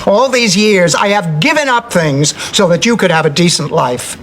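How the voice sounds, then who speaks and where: An actress playing a middle-aged, sardonic daughter in a sitcom, with a low, husky, deadpan delivery. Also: female voice, normal speed. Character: sardonic grown daughter, exasperated, quick-tongued. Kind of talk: sitcom acting. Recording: noisy TV audio with studio audience laughter.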